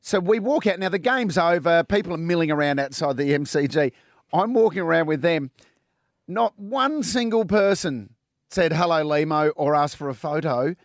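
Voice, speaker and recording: Australian male radio host, high voice, dry close mic, lively storyteller. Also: normal speed, no echo. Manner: animated storyteller, acts out quotes. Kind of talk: casual breakfast radio banter.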